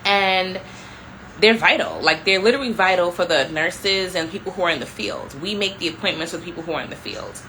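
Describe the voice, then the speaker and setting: Bright, animated young woman vlogger. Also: on the low side, fairly quick, a little hiss or hum, low-quality recording. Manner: animated, peppered with "like", addresses viewers as y'all. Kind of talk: casual storytelling chat.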